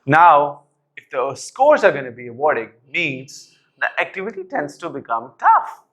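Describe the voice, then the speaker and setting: A young man talking teachers through a classroom activity, slow and deliberate, his voice sitting a little high for a man. He is energetic and keeps calling them "guys", asking his own questions and then answering them. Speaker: teacher trainer.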